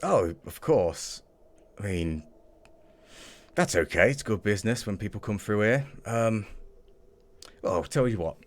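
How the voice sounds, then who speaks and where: Brief: man voicing a very deep, greedy one-eyed boss, calm and threatening. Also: a little slow, pauses often. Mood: smug. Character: menacing one-eyed male gang boss, cruel and greedy.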